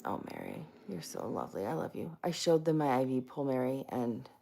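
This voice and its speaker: Low-voiced woman on a live stream, gravelly, swoops up and down a lot, chatty. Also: sing-song, fairly quick, dark tone, slight background noise. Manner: chatty, greets viewers by name; self-mocking and giggly. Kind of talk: casual live stream chat.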